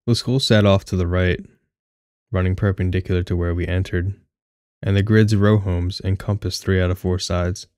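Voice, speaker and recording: A man's voice: low-pitched, steady tone, normal speed, darkish tone, smooth, dry recording, studio quality. A young man reading his own first-person short story aloud, with a wry, candid, casually profane manner. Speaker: audiobook narrator.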